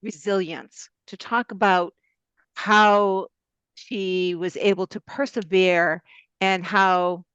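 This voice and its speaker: A woman's voice: mid-range voice, fairly even intonation, slow pace, a bit bright, smooth, dry recording. Upbeat woman podcast host, dry sound. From Boston, USA. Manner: upbeat, conversational with frequent fillers. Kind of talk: casual interview chat. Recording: dry, slightly dull lo-fi sound.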